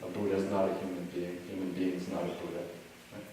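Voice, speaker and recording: A man giving a dharma talk, telling a teaching story in a relaxed way with many "you know"s and "like"s, recorded in a retreat hall. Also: low voice, quick pace, a little hiss or hum. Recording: echoey hall, mic at a distance, faint ambience.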